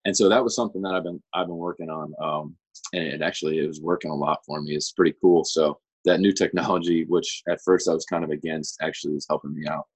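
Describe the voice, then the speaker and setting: A man's voice: a bass voice, fairly even intonation, fast, slightly rough, poor audio. A young man, a guest on an interview show, chatting casually and explaining things in an easygoing, rambling way. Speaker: guest pitcher.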